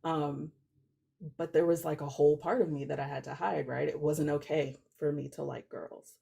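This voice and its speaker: A middle-aged woman guest speaking reflectively in a casual live-stream chat, soft-spoken with many fillers. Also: low voice, little pitch movement, moderate pace, creaky, slightly rough, highs cut off.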